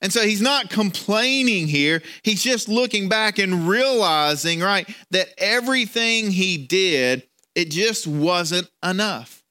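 A man's voice: high voice, animated, takes it slowly, bright, forceful tone, smooth. A man preaching a sermon in a conversational way, often repeating words and restarting as he tells a story. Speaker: pastor.

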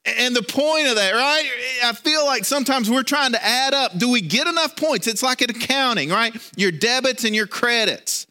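A man's voice: very high-pitched, animated, moderate pace, hardly any pauses, pushed and bright. A man preaching a sermon in a conversational way, often repeating words and restarting as he tells a story. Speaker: pastor.

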